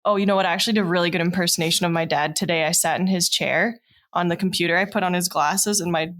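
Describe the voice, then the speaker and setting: A woman's voice: on the low side, fairly even intonation, a bit bright. A woman hosting a podcast over a video call, bubbly and teasing. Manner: bubbly, teasing, quick to laugh. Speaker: podcast host. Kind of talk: casual chat.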